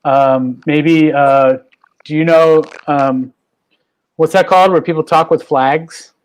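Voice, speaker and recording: A man's voice: fairly high pitch, steady tone, takes it slowly, clean tone. Rambling man hosting a video-call chat. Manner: rambling, many fillers and restarts. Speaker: talk show host.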